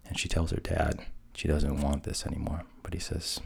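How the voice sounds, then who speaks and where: A man narrating a fairy tale softly, at times dropping to a whisper. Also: extremely low pitch, flat delivery, moderate pace, gravelly, a little hiss or hum. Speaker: storyteller.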